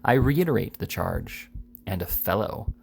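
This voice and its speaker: A man reading the part of a stout elderly gentleman who speaks with stern, emphatic dignity. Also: fairly low pitch, lively intonation, measured pace, vocal fry, breathy edge, exaggerated voice. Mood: stern indignant.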